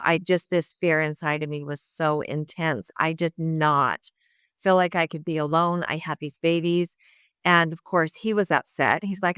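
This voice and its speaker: A middle-aged woman speaks in a low, smooth, resonant voice, recorded dry and close. She tells her story candidly and earnestly, voicing her past thoughts as she goes. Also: moderate pace, dry recording. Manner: earnest, lively retelling with quoted inner thoughts. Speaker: guest sharing her recovery story.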